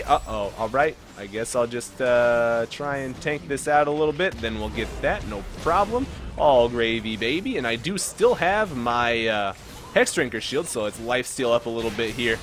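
A young man giving casual gameplay commentary, chatting calmly one moment and yelling at the game the next. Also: medium pitch, normal speed, a little hiss or hum. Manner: excitable, swings from calm chatter to yelling at the game.

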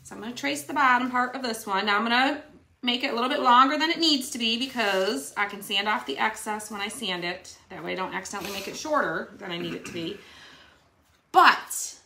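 A woman hosting a casual crafting livestream, telling stories in a chatty, animated way. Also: a little high, a little fast, gravelly, reverberant, slight background noise. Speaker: craft channel host.

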